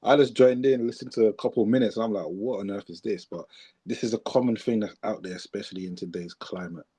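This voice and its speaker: A man's voice: fairly low pitch, steady tone, fast, mellow, breathy edge. A man co-hosting a podcast, commenting in a casual, reflective way with emphatic repeated phrases. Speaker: podcast co-host.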